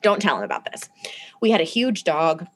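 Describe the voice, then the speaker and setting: Woman, storyteller in casual chat; animated, acts out quotes. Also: lowish voice, brisk. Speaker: guest telling a personal story.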